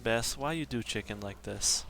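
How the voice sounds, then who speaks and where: A man putting on a deliberately bad, over-the-top Australian accent, playing a hammy stock bloke. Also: mid-range voice, vocal fry, sharp tone, soft background music. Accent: deliberately bad put-on Australian.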